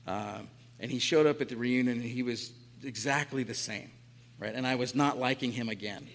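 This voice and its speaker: A man's voice: medium pitch, moderate pace, gravelly. A man in his late forties giving a sermon as a pastor, telling stories in a casual, chatty way and often tagging on "right?". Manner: casual, chatty, frequent tag questions. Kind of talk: conversational sermon storytelling. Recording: echoey hall.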